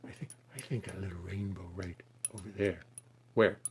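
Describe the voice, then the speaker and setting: A man putting on the soft, hushed voice of a gentle male TV painter, as a whispered role-play. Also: deep voice, steady tone, a little hiss or hum, pitched below the performer's own voice, close to an everyday voice. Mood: soothing. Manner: hushed, slow and soothing.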